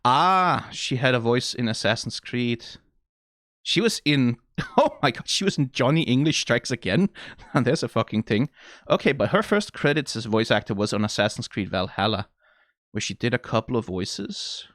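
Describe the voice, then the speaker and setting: A man's voice: mid-range voice, animated, moderate pace, a bit bright, no echo, clean studio sound. A man with a Danish accent giving casual, rambling reaction commentary, swearing freely and saying "like" often. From Denmark. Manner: rambling and profane, lots of "like". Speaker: reaction video host.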